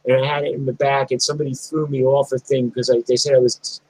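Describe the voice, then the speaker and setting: A middle-aged punk musician ranting in a blunt, rambling, profane monologue vlog. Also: male voice, medium pitch, little pitch movement, fast, darkish tone, breathy edge, dry recording, rough recording.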